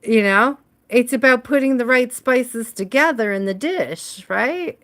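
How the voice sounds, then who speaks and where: A woman reading tarot on a relaxed livestream, speaking at an unhurried, drawn-out pace. She chats with her viewers by name and laughs easily between thoughts. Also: fairly high pitch. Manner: chatty, answers viewers by name, laughs often. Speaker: tarot reader.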